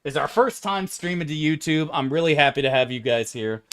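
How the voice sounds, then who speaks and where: A man streaming a video game, talking in a casual, animated, profane way and laughing often. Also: a little high, fairly quick, smooth.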